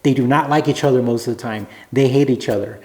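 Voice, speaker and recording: A man telling a rambling, relaxed anecdote to camera as a vlogger. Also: mid-range voice, fast talker, echoey room. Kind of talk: casual storytelling to camera.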